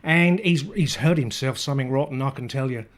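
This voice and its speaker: A man putting on a very bad, exaggerated Australian accent as a chummy bloke pitching a product in an advert. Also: fairly quick, natural voice. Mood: hearty. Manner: loud, chummy, exaggerated slang.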